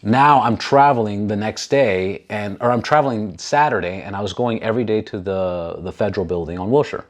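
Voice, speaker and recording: Animated, cursing male storyteller. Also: on the low side, a little fast, hardly any pauses. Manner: animated, acts out other people's lines, swears freely. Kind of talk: casual storytelling.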